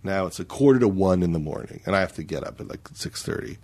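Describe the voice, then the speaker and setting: A man telling comic anecdotes in a casual podcast chat as a guest, jumping into high, exasperated voices as he acts out his stories. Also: lively intonation, quick pace, darkish tone.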